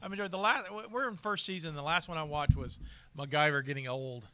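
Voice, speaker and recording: A man hosting a podcast who tells stories in an animated, casual way and laughs often. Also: fairly high pitch, a little fast, slight background noise. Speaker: podcast host. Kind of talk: casual chat.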